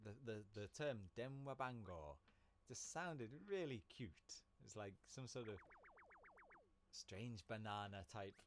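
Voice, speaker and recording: A man's voice: fairly low pitch, a little hiss or hum. A man chatting casually while live-streaming a game, rambling and laughing easily. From Britain.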